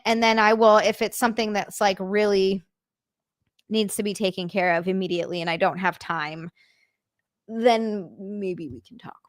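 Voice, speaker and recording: A woman chatting casually on her livestream, reading comments aloud in a rambling, halting way and swearing freely. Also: medium pitch, no echo, clean studio sound.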